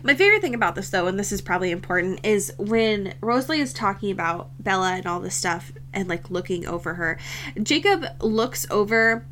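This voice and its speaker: Bright-voiced young woman, chatty recap. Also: medium pitch, expressive, brisk, slight background noise. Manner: laughing often, swearing, acting out characters' lines. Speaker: podcast co-host recapping a book. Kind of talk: casual chat.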